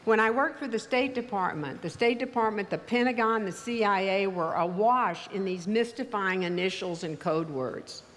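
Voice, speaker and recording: A woman's voice: medium pitch, fairly bright tone. Older woman giving a reverberant commencement speech. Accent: mild Texas. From Texas, US. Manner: measured, wry storytelling with deliberate pauses. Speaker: commencement speaker. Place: large ceremony venue. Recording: reverberant hall, faint ambience.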